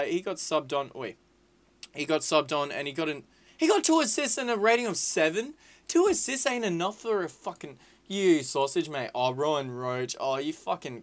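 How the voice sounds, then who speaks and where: A young man rambles through casual commentary over his gameplay. He is rowdy and sweary, jumping between excitable shouting and low muttering. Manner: rowdy, sweary and excitable, swinging to loud whining outbursts. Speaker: gaming YouTuber. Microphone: desk mic with webcam.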